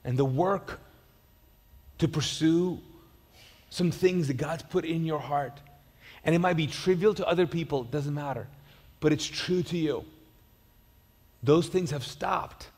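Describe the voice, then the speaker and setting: A man's voice: on the high side, measured pace, long pauses, a little mellow, breathy edge, big-room sound. A man preaching a sermon as pastor, conversational and storytelling, with frequent restarts and repeated words. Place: church auditorium.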